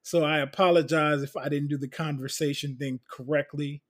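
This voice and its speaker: A man co-hosting a podcast in casual chat, joking around with loud bursts and frequent laughs. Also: fairly high pitch, fairly even intonation, moderate pace, few pauses. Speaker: podcast co-host.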